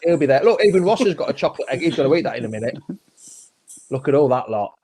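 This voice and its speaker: Over a noisy crowd, a man with a medium-pitched voice talks fast and with animation while hosting a live football fan chat show. He keeps things friendly and chatty, often ending his comments with tag questions.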